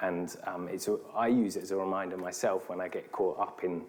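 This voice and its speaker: A man, an architect with a British accent, answering audience questions in a thoughtful, measured way with some hesitations. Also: deep voice, steady tone. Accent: British English. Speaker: city architect, guest speaker.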